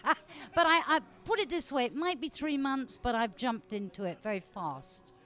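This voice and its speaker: A woman's voice: high voice, lively intonation, moderate pace, a bit bright. An older woman comedian guest in a bar, talking in a mock-posh, theatrical way. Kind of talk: casual podcast interview.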